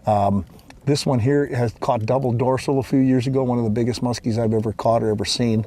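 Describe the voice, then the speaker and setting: Breathless after lifting fish, a man keeps up the outdoor fishing-show banter from his boat on a lake, folksy and eager as he talks to viewers like folks. His mid-range voice is mellow and brisk with fairly even intonation, and there's a bit of background noise.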